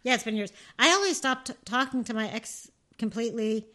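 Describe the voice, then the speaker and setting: A woman's voice: fairly high pitch, lively intonation, a little fast, pushed and bright. A woman co-hosting a podcast in casual chat, playful and self-deprecating, often laughing. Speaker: podcast co-host.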